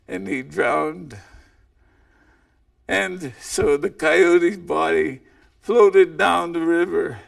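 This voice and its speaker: A male storyteller recounts a legend in a slow, unhurried way. His voice sits high for a man and is heavily gravelly. It sounds distant, as if he is recorded from some way off the mic. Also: fairly bright tone. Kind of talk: oral legend telling.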